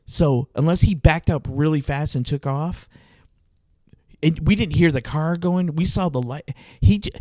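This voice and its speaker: Animated man telling a story. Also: on the high side, measured pace, no echo. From Arizona, US. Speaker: podcast host. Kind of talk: casual storytelling chat.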